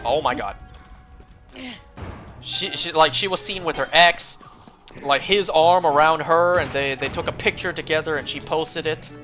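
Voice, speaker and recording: A man's voice: on the high side, pushed and bright. A young man streaming a game, telling a rambling, profane story in casual chat, full of fillers. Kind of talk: casual chat while gaming.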